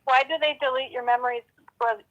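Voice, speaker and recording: Woman, caller, higher voice, short curious questions, dull lo-fi phone line. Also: steady tone. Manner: brief, curious questions and quick agreement. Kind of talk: casual phone chat.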